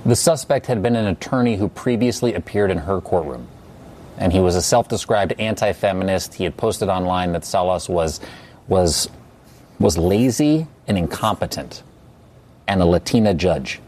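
A man's voice: sits low, animated, normal speed, a little mellow, slight background noise. A man anchoring a TV news segment, delivering the story in an emphatic, indignant way into a studio microphone. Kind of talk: TV news commentary.

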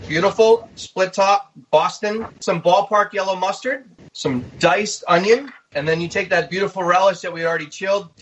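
Easygoing high-voiced man demonstrating cooking. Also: normal speed, few pauses, a bit bright, lo-fi sound, a little hiss or hum. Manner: easygoing, step-by-step explaining. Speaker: guest chef.

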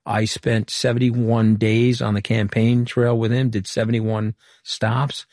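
A middle-aged man from Long Island, a former political communications director, answering interview questions in a brisk storytelling way full of quoted dialogue. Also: fairly low pitch, flat delivery, darkish tone, no room sound, studio quality. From Long Island, New York.

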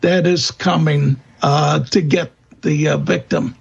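A man speaking as a guest expert in an interview, answering in a halting way with many fillers and restarts. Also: fairly high pitch, fairly even intonation, creaky, breathy edge, lo-fi sound. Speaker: guest expert on vampire lore.

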